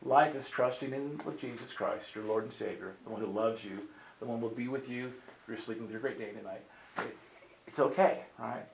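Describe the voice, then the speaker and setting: A man with a gravelly, mid-range voice speaks a little fast as he preaches, telling a personal testimony conversationally in a sermon-storytelling style. He dramatically acts out what people said and often asks "right?". The recording is rough, with slight background noise.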